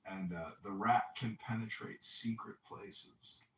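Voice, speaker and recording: A man's voice: lowish voice, steady tone, slow pace, a bit bright. A man hosting a podcast, telling boastful rambling stories in crude casual banter. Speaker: podcast host. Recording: roomy distant mic with faint noise.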